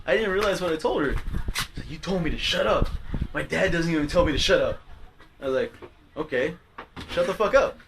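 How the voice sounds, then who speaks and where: A man's voice: fairly high pitch, expressive, fast, gravelly, background noise. A man telling a rowdy story in casual chat with friends, laughing often and acting out what people said. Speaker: podcast host.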